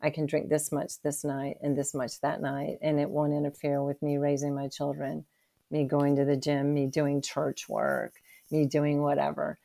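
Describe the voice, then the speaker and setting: A woman's voice: low-pitched, completely flat delivery, normal speed, creaky, warm tone. A woman in her sixties telling her personal faith story as an interview guest, earnest and emotional, with frequent restarts. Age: 60s.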